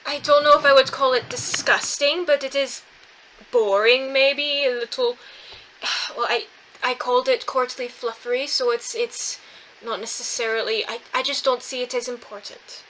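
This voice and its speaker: A woman's voice: high voice, steady tone, normal speed, pushed and bright, slight background noise, poor audio. A woman playing her character in a tabletop game, talking in a hesitant way with frequent restarts and laughter. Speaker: tabletop player voicing a princess. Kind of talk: in-character tabletop role-play.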